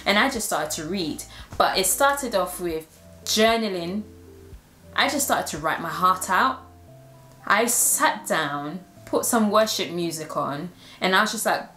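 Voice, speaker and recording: A woman's voice: lowish voice, animated, a little slow, bright, forceful tone, roomy sound, faint music behind. A woman and Christian influencer sharing a personal testimony in an earnest, heartfelt way.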